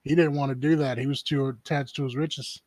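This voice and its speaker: A man's voice: medium pitch, steady tone, fairly quick, darkish tone, no room sound. A man playing in a tabletop game, talking through his reasoning in a laid-back, casual way. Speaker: player.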